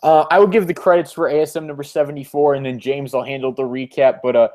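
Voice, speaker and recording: A man hosting a casual comic review chat, relaxed with wry asides. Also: mid-range voice, quick pace. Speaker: host.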